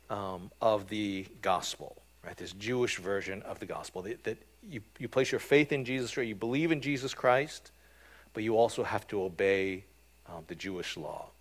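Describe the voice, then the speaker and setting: A man delivers a sermon in an easy, conversational manner, his voice sitting at an ordinary middle pitch. He speaks like he is explaining ideas across a table, often checking in with a quick "right?" and pausing on "um". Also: fairly bright tone. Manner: conversational, frequent "right?" and "um" fillers. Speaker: pastor.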